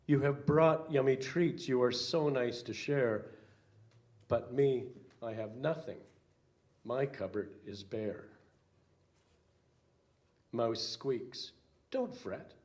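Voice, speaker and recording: An older minister reads a children's picture book to his congregation. He speaks at a very slow, unhurried pace with a middling pitch, pausing with little fillers. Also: a little mellow. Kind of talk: reading a children's story aloud.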